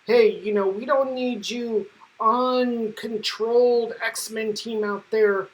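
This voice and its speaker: A woman's voice: a little high, fairly even intonation, slow pace, poor audio. A woman voicing a pompous, indignant male government official with a huffy, outraged manner. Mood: patronizing.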